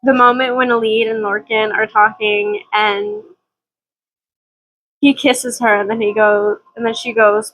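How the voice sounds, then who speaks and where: A woman's voice: on the high side, level tone, unhurried, fairly bright tone, low-quality recording. A woman talking casually in a book vlog, gushing and emotional, and reading passages aloud. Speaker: book vlogger.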